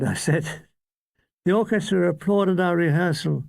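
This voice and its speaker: Slow, deadpan older woman reading aloud. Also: on the low side, no echo, studio quality. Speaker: reader. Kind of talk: reading a comic memoir aloud.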